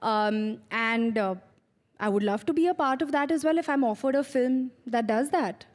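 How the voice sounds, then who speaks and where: A woman with an Indian English accent speaks as the guest of a live on-stage interview. Her voice sits fairly high, and she chats freely with plenty of fillers while facing an audience. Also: normal speed. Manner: chatty, with many fillers. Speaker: actress and guest.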